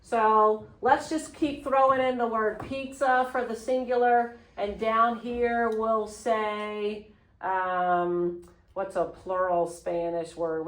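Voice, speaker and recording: A woman teaching a Spanish class, slowly modeling phrases for students to repeat. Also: medium pitch. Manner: patient, slow modeling of phrases. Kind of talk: classroom lesson. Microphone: phone camera propped on a water bottle. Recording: echoey classroom.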